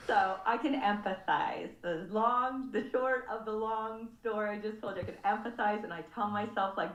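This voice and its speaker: A woman's voice: mid-range voice, fairly even intonation, brisk, hardly any pauses, dull audio. A woman in her thirties, originally from California, talks on a video call in a mid-range voice. She tells her story animatedly, laughing often and swearing freely. Her sound is echoey, as if from a bare room. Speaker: group participant sharing. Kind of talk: casual group video call share.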